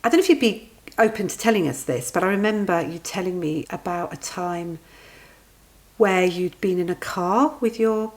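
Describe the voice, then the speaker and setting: A woman hosting an interview, asking gentle questions and giving frequent encouraging affirmations. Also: on the low side, moderate pace. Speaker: host. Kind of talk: casual interview.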